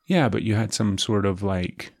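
A man's voice: on the low side, moderate pace, vocal fry, a little mellow, dry recording, studio quality. A man co-hosting a casual podcast chat, laid-back and dryly teasing. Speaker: podcast co-host.

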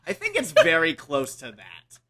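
A man's voice: on the high side, normal speed. A man hosting a casual podcast from a couch at home, talking in a projecting, classic radio-style voice and joking around, often laughing. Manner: jokey, animated, laughs often. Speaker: podcast host.

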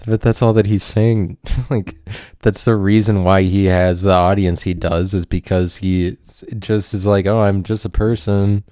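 A man's voice: sits low, flat delivery, unhurried, warm tone, no echo, clean studio sound. A man hosting a solo podcast, rambling and self-mocking, swearing and laughing as he talks. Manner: swears a lot. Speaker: podcast host.

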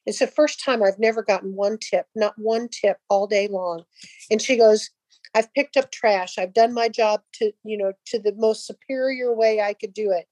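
A woman's voice: mid-range voice, steady tone, moderate pace, a little mellow, no echo, low-quality recording. An older woman casually telling a personal faith story, rambling with restarts and acting out the dialogue. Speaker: guest sharing a testimony.

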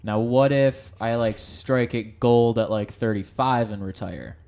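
A young man co-hosting a casual chat, animated and profane, laughing often as he talks. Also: mid-range voice, unhurried, gravelly.

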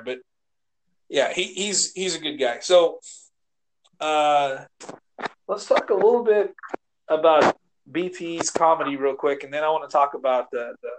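A man co-hosting a casual podcast, rambling and animated, swearing and acting out quotes as he retells scenes. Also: medium pitch. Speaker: podcast co-host. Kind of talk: casual chat.

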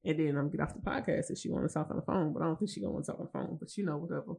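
A woman's voice: deep voice, very fast, gravelly, mellow, slightly rough. A woman hosting her own podcast alone, tired and emotional, rambling and swearing with lots of restarts. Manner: rambling, profane, many restarts. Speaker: podcast host. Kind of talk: casual solo podcast rant.

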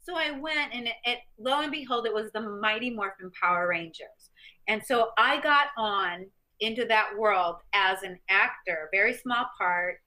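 A middle-aged woman from the US Midwest, a guest telling animated stories in an interview and acting out other people's lines. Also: mid-range voice, normal speed. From Missouri, US Midwest. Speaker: guest, former champion fighter and stuntwoman. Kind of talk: interview storytelling.

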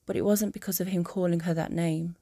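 A woman narrating a fan audiobook in a calm, even storytelling manner. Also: lowish voice, fairly quick, no echo, studio quality.

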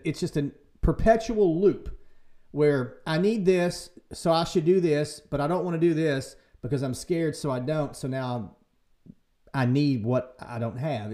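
A man hosting a casual church podcast, talking in a lively way and acting out quoted voices for humor. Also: fairly high pitch. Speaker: podcast host and church leader. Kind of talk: casual faith discussion.

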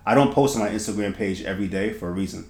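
A man's voice: lowish voice, very fast. Slangy storytelling podcast host man. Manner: animated storytelling, laughing, heavy slang and swearing. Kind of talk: casual chat. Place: podcast studio. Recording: echoey room.

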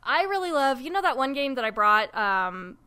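A woman co-hosting a relaxed podcast, her voice bright, smooth and set a little high. She laughs a lot and tells stories with animated energy. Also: moderate pace. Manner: giggly, animated storyteller. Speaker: podcast co-host; parent. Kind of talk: casual chat.

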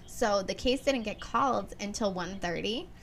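Animated young woman telling stories. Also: mid-range voice, moderate pace, vocal fry, slight background noise. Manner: animated storyteller, acts out quotes, swears, laughs often. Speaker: podcast co-host. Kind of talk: casual chat, storytelling.

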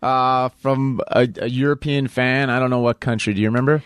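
A man's voice: medium pitch, fairly even intonation, a little fast, smooth, no echo. A man, a country singer guest, chatting in an easygoing way with dry humor. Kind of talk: casual interview chat.

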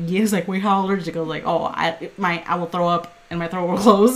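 A woman's voice: lowish voice, quick pace, a little hiss or hum. Female podcast co-host, loose and chatty, retells events by acting out what everyone said. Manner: rambling, animated retelling with quoted asides and swearing. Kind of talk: casual storytelling chat.

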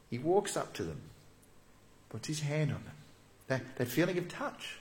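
A man preaching a sermon as a pastor, telling the story vividly and dropping to soft, hushed tones. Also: a little high, expressive, normal speed, pauses often, roomy sound.

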